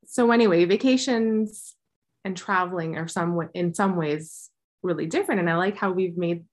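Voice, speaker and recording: Lower-voiced woman recommending books. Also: normal speed. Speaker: book podcast co-host. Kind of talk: casual book review chat.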